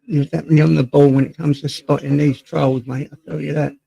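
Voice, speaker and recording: Talking fast in a flat, fairly high voice that is gravelly, dark and husky, an English man hosts a casual stream from home. He reads the chat aloud, greets viewers by name and sometimes wanders from his desk microphone, and the recording is rough.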